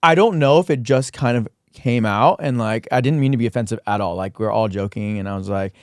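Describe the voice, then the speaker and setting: A man's voice: mid-range voice, brisk, dry recording, clean studio sound. A man from San Diego with a Southern Californian accent, hosting a podcast in laid-back, jokey casual chat. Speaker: podcast host.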